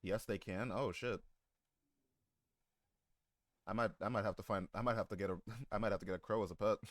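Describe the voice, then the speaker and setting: Male streamer, low-pitched, casual banter with chat, crude jokes and frequent laughs, dry close-mic sound. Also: fairly even intonation, a little fast, dry recording. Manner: joking, swears a lot, laughs often. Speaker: live streamer.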